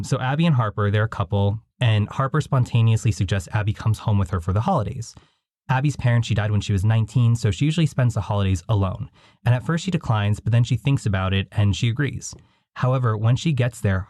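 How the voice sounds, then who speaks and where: Fast-talking man with a dark voice. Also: fairly low pitch, dry recording, studio quality. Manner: chatty, wry storytelling. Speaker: podcast host. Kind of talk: casual podcast commentary.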